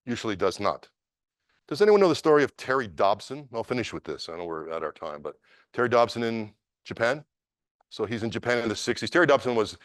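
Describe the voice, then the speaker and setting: A man, a martial arts instructor, telling a story at a seminar in an animated, emphatic way. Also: lowish voice, no echo, studio quality.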